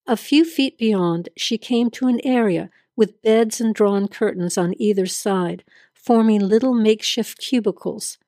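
Woman narrator for a story podcast; measured, steady, mid-pitched, dry close sound. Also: dry recording. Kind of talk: scripted narration.

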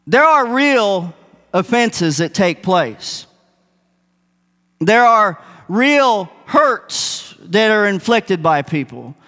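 A man's voice: high voice, fairly bright tone. A man preaching a sermon, earnest and emphatic, repeating his key points. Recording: long reverb of a hall.

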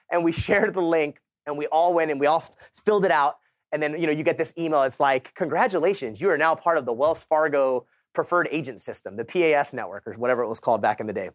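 A man in his thirties tells a motivational sales story with casual slang, and he jumps into the voices of the people in it as he goes. His voice sits a little high for a man. The sound is close and dry. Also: quick pace, dry recording. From Southern California. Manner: animated storytelling, acts out quoted people. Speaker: keynote speaker.

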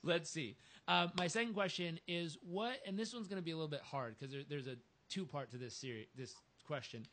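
A man's voice: fairly high pitch, brisk, hardly any pauses, bright, forceful tone, slight background noise. Man asking earnest interview questions. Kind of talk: casual interview.

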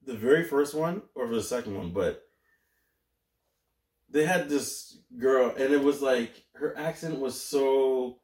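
A man's voice: medium pitch, unhurried, a little mellow. Jokey man in an echoey room. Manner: jokey, slips into silly put-on voices. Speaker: podcast co-host. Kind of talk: casual banter. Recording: echoey room, mic at a distance.

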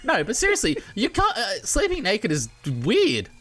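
A man's voice: high voice, huge pitch swings, moderate pace, fairly bright tone, soft background music. An Australian man co-hosting a podcast, talking in a casual, jokey way and laughing often. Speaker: podcast co-host. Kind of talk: casual chat.

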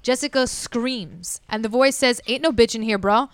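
A woman's voice: fairly high pitch, normal speed, smooth, dry recording, clean studio sound. A woman telling a story casually and animatedly, acting out what people said. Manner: animated, acts out quotes. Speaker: podcast storyteller.

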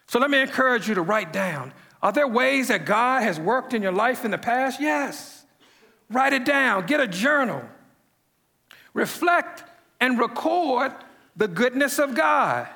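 A man's voice: very high voice, very animated, a little slow, creaky, sharp tone, big-room sound. A man preaching a sermon to a congregation, repeating phrases and rising to emphatic peaks. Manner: preaching with repetitions and emphatic rises. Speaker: pastor.

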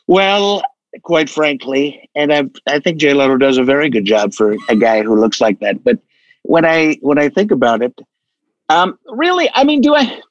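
A man talking casually as an interview guest, animated and full of restarts. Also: fairly high pitch, normal speed, no echo, highs cut off. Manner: animated, stammering restarts, acts out voices. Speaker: impressionist guest.

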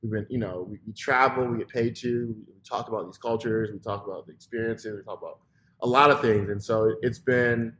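A man, a restaurant owner, chatting casually as a podcast guest, loose and full of fillers, often trailing off quietly. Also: fairly low pitch, steady tone, fairly quick, slight background noise. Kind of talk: casual interview chat.

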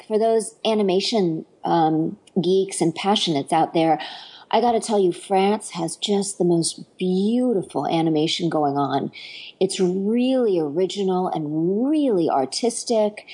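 A woman's voice: mid-range voice, dark tone, breathy edge, low-quality recording. A middle-aged woman, an actress and dialect coach, chatting eagerly in an interview with lots of fillers and restarts. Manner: enthusiastic, rambling, many fillers and restarts. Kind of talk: casual interview chat.

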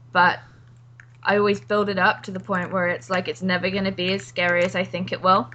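A woman's voice: mid-range voice, level tone, fairly quick, pushed and bright, a little hiss or hum. A woman co-hosting a casual chat, telling stories with frequent "like" and "um". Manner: chatty storyteller, fillers like "like" and "um".

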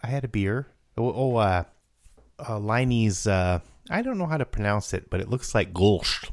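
A man co-hosting a podcast in casual chat, joking and self-deprecating, with halting delivery. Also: lowish voice, expressive, dry recording, studio quality. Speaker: podcast co-host.

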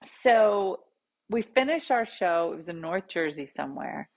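A woman host casually telling a funny story, jumping into loud quoted voices. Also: on the low side, expressive, a little slow, vocal fry, highs cut off. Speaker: podcast host.

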